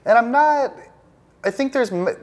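A man's voice: extremely high pitch, animated, a little slow. A man, a professional trader, talking as the guest in an indoor interview, intense and emphatic, often repeating words as he builds a point. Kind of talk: conversational interview. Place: penthouse apartment, indoors.

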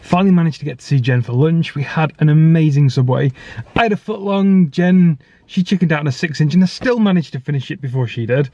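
A man narrating his day in a casual vlog, chatty and quick to rant when annoyed. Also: a little high, warm tone, muffled recording. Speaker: vlogger.

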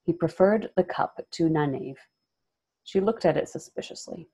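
A woman reading a novel aloud as a reader in a steady, even narration. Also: low voice, normal speed, breathy edge.

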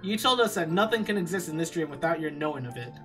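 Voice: medium pitch, lively intonation, fast, fairly bright tone, lightly acted. A streamer voicing Weiss, a haughty male talking magic book, with formal, commanding speech over faint guitar music. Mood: lofty. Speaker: streamer reading a visual novel.

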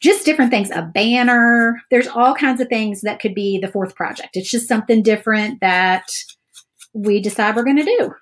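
A woman's voice: a little high, normal speed. A woman hosting a live crafting stream from her table, chatty and rambling with many fillers. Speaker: crafting channel host. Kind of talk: casual live crafting chat. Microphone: overhead camera setup.

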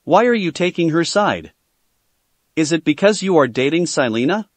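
A man's voice: on the high side, big pitch swings, normal speed, no echo. A man reading as a grumbling demigod girl.

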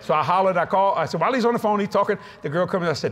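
A male preacher telling humorous, folksy stories in a lively sermon. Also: high voice, very fast, noisy background. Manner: folksy, humorous, animated storytelling with many acted quotes. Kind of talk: sermon with storytelling.

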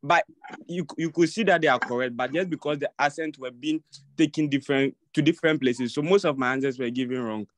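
A man's voice: mid-range voice, a little fast, dry recording. A young man with a Ghanaian English accent, a student hesitantly querying his exam marks and restarting sentences.

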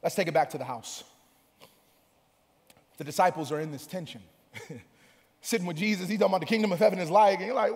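Male preacher, high and bright, shifting from hushed lows to ringing sing-song peaks; long hall reverb. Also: expressive, a little fast, long pauses. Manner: swings between soft, low passages and loud, sing-song preaching. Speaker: pastor. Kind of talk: sermon.

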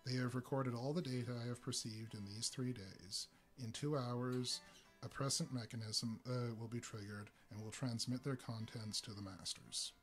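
A man voicing a weary giant alien scout who speaks formally, slowly and without feeling. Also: medium pitch, steady tone, soft background music, lightly acted. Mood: dispassionate. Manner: slow, quiet, formal and dispassionate.

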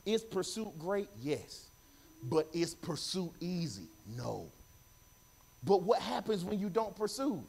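Animated high-voiced male preacher. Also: slow, gravelly, breathy edge. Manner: animated call-and-response preaching, repeats phrases. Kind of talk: sermon. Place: church.

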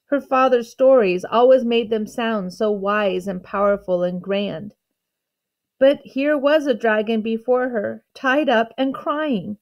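Woman calmly reading a storybook aloud. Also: a little high, takes it slowly, dull audio. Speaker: teacher.

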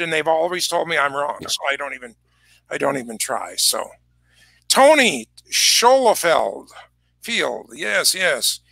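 Gravelly, bright-voiced talkative man. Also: fairly high pitch, dry recording. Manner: rambling storyteller, chatty. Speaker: online concert pre-show host. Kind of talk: casual chat. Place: music shop.

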